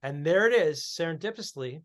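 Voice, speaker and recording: A man's voice: a little high, animated, fairly quick. A man co-hosting a comedy podcast, joking and chatting casually, often speaking straight to the listeners. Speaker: podcast co-host and comic.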